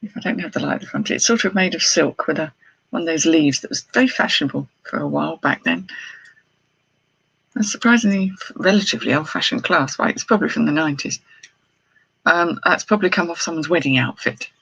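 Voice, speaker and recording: Husky gravelly lady rambling through a live haul, lots of oohs and chatty asides. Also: sits low, brisk, a bit bright. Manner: chatty, exclaiming, thinking aloud. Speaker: jewellery reseller hosting a live haul stream. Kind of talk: casual live-stream unboxing chat.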